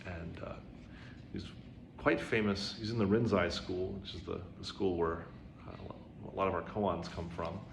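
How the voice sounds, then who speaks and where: A man's voice: sits low, steady tone, normal speed, creaky. A man giving an informal Zen dharma talk, chatty, with frequent "right?" asides, who raises his voice to act out quoted dialogue. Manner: conversational, many "right?" and "you know" asides. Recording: roomy echo with faint background noise.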